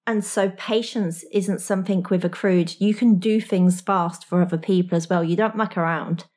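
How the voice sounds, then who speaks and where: A woman's voice: lowish voice, fairly even intonation, moderate pace, a little mellow. A woman speaking directly to the listener in a motivational talk as a coach, frank and slangy, with small laughs.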